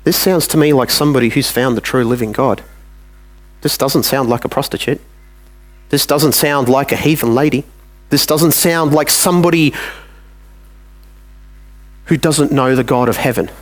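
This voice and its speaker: A man's voice: medium pitch, normal speed, long pauses. A man with an Australian accent preaching a sermon in a church, talking plainly and acting out little dialogues with God.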